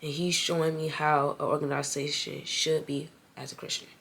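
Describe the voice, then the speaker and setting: A woman's voice: sits low, flat delivery, normal speed, creaky, fairly bright tone, breathy edge. A young woman with a stuffy nose talking earnestly and casually to her viewers in a vlog. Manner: earnest, talks straight to viewers as y'all. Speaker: vlogger.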